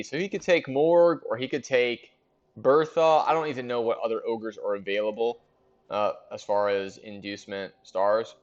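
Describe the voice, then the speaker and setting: A man casually recapping league matchups, chatting and thinking out loud with fillers. His pitch is middling, and the recording sounds slightly dull and lo-fi. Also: normal speed. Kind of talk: casual game commentary.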